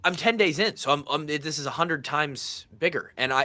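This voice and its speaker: A man in his thirties hosting a podcast, telling a story in a casual, animated way and acting out the voices of the people in it. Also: a little high, normal speed. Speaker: podcast host.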